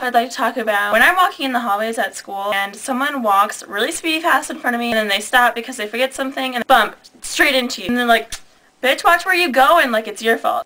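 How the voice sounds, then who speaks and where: A woman's voice: on the high side, pushed and bright, poor audio. A teenage girl ranting to camera, blunt and sarcastic, with plenty of swearing. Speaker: vlogger. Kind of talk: casual rant to camera.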